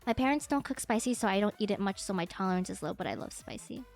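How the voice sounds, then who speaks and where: A woman's voice: medium pitch, lively intonation, fast talker, gravelly. A young woman streaming, chatting casually, giggling a lot and mimicking her parents' exclamations. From United States. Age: young adult. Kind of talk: casual chat. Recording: faint music behind.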